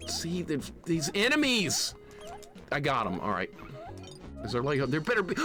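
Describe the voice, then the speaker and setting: A man live-streaming a retro game, excitable and jokingly grumpy as he rants at his chat. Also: a little high, normal speed, long pauses, faint music behind. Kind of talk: casual live-stream commentary.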